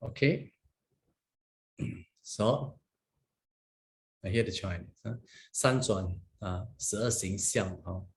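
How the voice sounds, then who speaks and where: A man, teaching Pali grammar as a monastic teacher. He explains patiently, often checks in with "huh?" and "okay?", and chants Pali phrases slowly. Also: on the low side, a little mellow, slight background noise.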